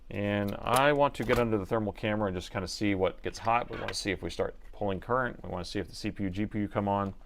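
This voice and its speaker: A man's voice: on the low side, gravelly. Man narrating a laptop repair livestream. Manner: joking with chat, narrating his repair steps. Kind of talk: casual live-stream chat while working.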